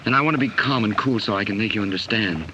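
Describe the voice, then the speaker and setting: A man's voice: fairly low pitch, fast talker, muffled recording, close to an everyday voice. An actor playing a bold young man courting a singer with earnest, persuasive romantic talk, in 1930s film acting style. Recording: hissy old 1930s film soundtrack.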